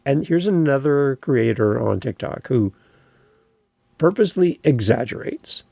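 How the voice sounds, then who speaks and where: A Canadian man hosts a podcast in a relaxed, opinionated chat. His voice is gravelly and husky, with a dark, mellow tone. The recording is dry and close. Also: mid-range voice, unhurried, no echo. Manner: conversational, opinionated. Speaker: podcast host. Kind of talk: casual podcast talk.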